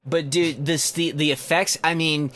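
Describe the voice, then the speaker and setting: A man's voice: a little high, fairly even intonation, unhurried, fairly bright tone. A young man co-hosting a podcast, talking casually and animatedly, joking and swearing. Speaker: podcast co-host. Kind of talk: casual chat.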